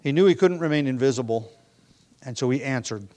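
Male preacher, mid-pitched, conversational sermon delivery with acted-out quotes. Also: expressive, brisk, warm tone. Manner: conversational, thinking aloud with restarts and acted-out quotes.

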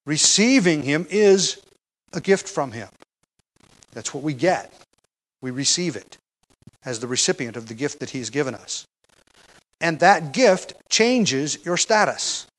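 A man's voice: on the high side, poor audio. Man preaching an expository Bible sermon. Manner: conversational teaching, stresses key phrases, frequent fillers and restarts.

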